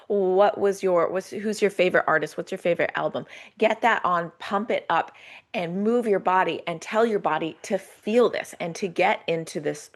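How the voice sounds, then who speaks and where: A woman coach talking casually as a podcast guest, animated and acting out her own inner voice as she explains. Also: on the low side.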